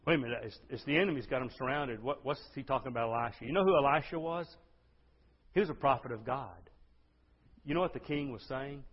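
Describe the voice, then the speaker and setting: A man preaching a sermon, swinging between hushed, intimate lines and loud, impassioned outbursts. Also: mid-range voice, brisk, breathy edge. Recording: dull sound with long hall reverb.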